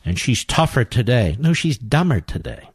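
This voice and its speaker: A man's voice: medium pitch, sing-song, normal speed, husky, no room sound. A man hosting a political talk radio show, commenting in a sarcastic, mocking way and breaking into exclamations.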